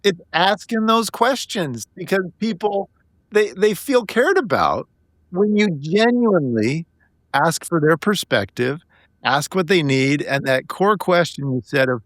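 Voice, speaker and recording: A man's voice: a little high, expressive, unhurried, a bit bright, no room sound. Thoughtful male podcast host, dry sound. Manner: reflective, summarizing the guest's points. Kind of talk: conversational interview.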